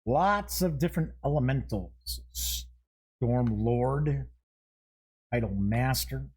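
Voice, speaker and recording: A man hosts a show with casual unboxing talk, his mid-range voice darkish, slightly rough, animated, and slow-paced. He reads each item's name aloud in sequence, dropping short asides and laughing at himself.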